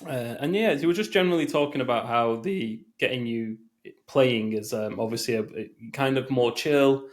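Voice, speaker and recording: A man's voice: mid-range voice, moderate pace. Rambling male podcast co-host. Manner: rambling, hesitant, filler-heavy. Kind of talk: casual chat.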